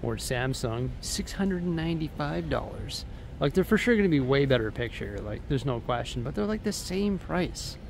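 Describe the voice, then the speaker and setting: A man's voice: mid-range voice, animated, moderate pace, gravelly, a little hiss or hum. A man vlogging to a handheld camera, rambling and exasperated as he talks straight to his viewers. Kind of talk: casual vlog. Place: empty building with reverb, later a big store. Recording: echoey room with a long reverb tail.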